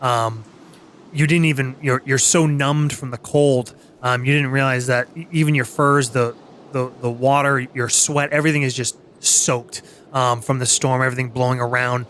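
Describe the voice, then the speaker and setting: A man narrating as game master in a tabletop game, halting and full of fillers and restarts. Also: mid-range voice, fairly even intonation, a bit bright, slight background noise.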